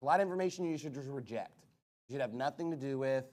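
A man's voice: medium pitch, expressive, fast talker, darkish tone. A man preaching a sermon, emphatic and repetitive, sometimes mimicking arguments mockingly.

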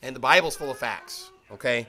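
A man's voice: medium pitch, fairly quick, sharp tone. A man preaching a sermon, reading scripture and mocking excuses in quoted voices. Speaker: pastor.

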